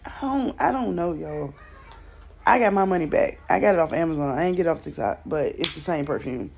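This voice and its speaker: A woman's voice: sits low, lively intonation, a little fast, vocal fry, a little mellow, slight background noise. Chatty Southern woman vlogging from bed. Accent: Southern American. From Southern United States. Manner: chatty, blunt, swears freely. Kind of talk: casual vlog chat. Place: at home, in bed.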